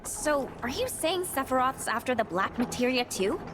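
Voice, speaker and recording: A brash, greedy young thief. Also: female voice, sits high, lively intonation. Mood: cocky. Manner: quick, pushy, cheeky. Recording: game audio with music behind.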